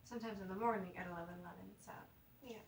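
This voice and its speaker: A woman's voice: medium pitch, fairly even intonation, racing, vocal fry, far from the mic. A young woman chats in a loose, rambling vlog, her sentences stuffed with "like" and "you know" and broken by stutters and mumbles. She sounds a bit away from the mic, in a roomy space with a faint hum behind her. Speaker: vlogger. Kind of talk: casual confessional vlog.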